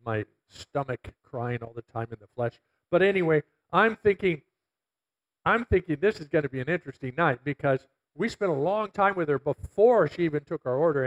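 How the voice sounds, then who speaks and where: A man's voice: on the high side, low-quality recording. A middle-aged man, a pastor, preaching a conversational sermon full of stories and quoted asides.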